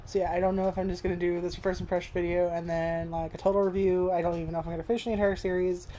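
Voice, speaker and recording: A woman's voice: lowish voice, level tone, racing, dark tone, a little hiss or hum. A young woman rambling through a casual review at home, swearing freely and filling with "like". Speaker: vlogger. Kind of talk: casual first-impressions review.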